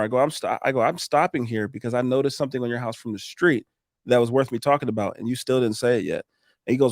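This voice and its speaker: Fast-talking Minnesota man telling sales stories. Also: medium pitch, dry recording, studio quality. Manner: animated, acts out sales conversations, swears, laughs often. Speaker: roofing business owner, podcast guest. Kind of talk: casual storytelling chat.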